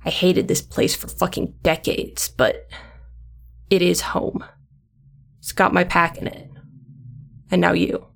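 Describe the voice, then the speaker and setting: A woman's voice: fairly low pitch, flat delivery, slow, creaky, pauses often, full character voice. A woman voicing a grumpy, protective male monster hunter who curses constantly and talks bluntly. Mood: fierce.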